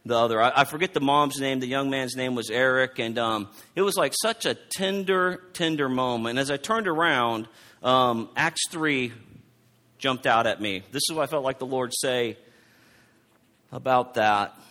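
A middle-aged man preaching a sermon, telling a personal story in a halting way, often repeating his words, and reading scripture aloud. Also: medium pitch, pushed and bright. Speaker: pastor.

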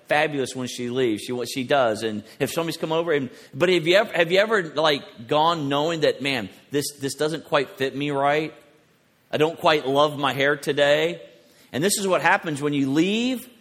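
A man preaching a sermon in a lively, conversational way, telling personal stories. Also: fairly high pitch, long reverb tail. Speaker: pastor.

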